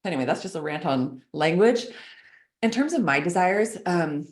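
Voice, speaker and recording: A woman's voice: on the low side, lively intonation, moderate pace. Chatty woman in an echoey room. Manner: chatty, laughs often, many "like" fillers. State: four months pregnant. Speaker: podcast guest, coach. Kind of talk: casual conversational interview.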